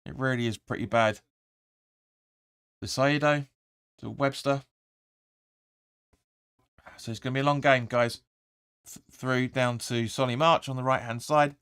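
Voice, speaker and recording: A man's voice: mid-range voice, steady tone, unhurried, long pauses, a bit bright, clear, resonant tone, no echo, clean studio sound. Man doing rambling football watch-along commentary. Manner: rambling, restarts often, erupts when urging players. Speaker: fan channel host.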